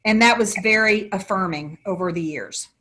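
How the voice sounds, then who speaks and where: A woman's voice: mid-range voice, moderate pace, pushed and bright. A middle-aged woman with a Southern American accent, a podcast guest who talks in folksy metaphors. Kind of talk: podcast interview.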